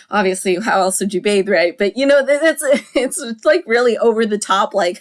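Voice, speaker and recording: A woman's voice: medium pitch, normal speed, hardly any pauses. Chatty woman podcast host. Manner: chatty, laughs often, many fillers and restarts; acts out quoted lines with a raised voice. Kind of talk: casual book-versus-film review.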